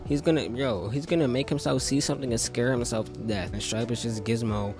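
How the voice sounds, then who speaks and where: A man's voice: medium pitch, fast talker, few pauses, music in the background. Profane, brash young man ranting. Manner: profane, brash, trash-talking, gets worked up. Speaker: commentator ranking game characters. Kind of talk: ranting casual monologue. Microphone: phone.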